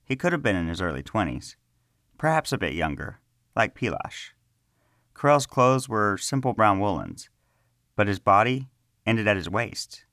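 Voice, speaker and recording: A man narrating a fantasy story in a measured, even reading. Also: on the low side, no echo, studio quality.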